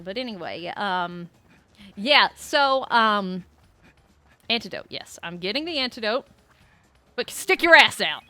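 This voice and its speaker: A woman streams a video game and tells rambling, animated stories to her viewers, breaking off to swear at the game. Her voice is bright and a little sharp, pitched somewhat high. The sound is dry and close, with no room around it. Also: moderate pace, no echo. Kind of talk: casual gameplay chat.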